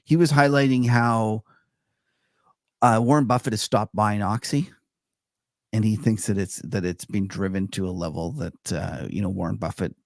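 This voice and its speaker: Gravelly man chatting loosely on a podcast. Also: lowish voice, moderate pace, no echo, studio quality. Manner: loose, filler-heavy talk, laughs easily. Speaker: podcast co-host. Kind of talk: casual market chat.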